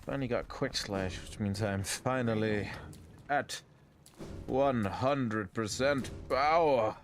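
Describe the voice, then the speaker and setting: A man's voice: medium pitch, slow pace, soft background music. A man hosting a gaming session, chatting casually with dry, joking banter while he plays. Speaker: gaming channel host.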